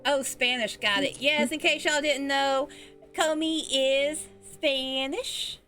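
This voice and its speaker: A woman's voice: high voice, steady tone, slow, sharp tone, faint music behind. A woman hosting a casual livestream interview, sappy and heartfelt, laughing often.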